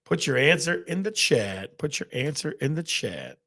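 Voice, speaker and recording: Gravelly man hosting a laughing quiz show. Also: fairly high pitch, big pitch swings, moderate pace, pushed and bright. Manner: laughs often at his own jokes; game-show countdowns and repeated prompts. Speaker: host.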